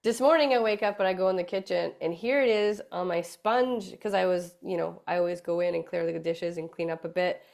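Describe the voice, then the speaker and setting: A woman co-hosting a talk show, telling a casual anecdote in an animated way. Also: fairly low pitch, brisk, creaky, hardly any pauses. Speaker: co-host. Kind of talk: casual storytelling chat.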